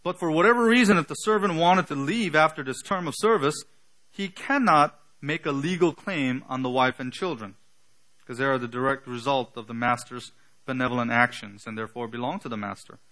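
A man preaching an earnest sermon, teaching with emphatic pauses and the odd filler. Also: mid-range voice, bright, forceful tone. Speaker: pastor.

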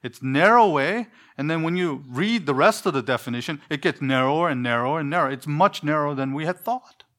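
A man's voice: on the high side, animated, fairly quick, fairly bright tone. A man preaching a sermon in an earnest, emphatic way, full of rhetorical questions.

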